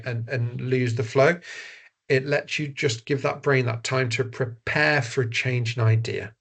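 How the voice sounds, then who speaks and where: A man's voice: mid-range voice, steady tone, measured pace, gravelly, fairly bright tone. A man giving an online masterclass as a voice and media trainer, talking in an earnest, conversational way with frequent ums and restarts. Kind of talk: online presentation-skills masterclass. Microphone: video call.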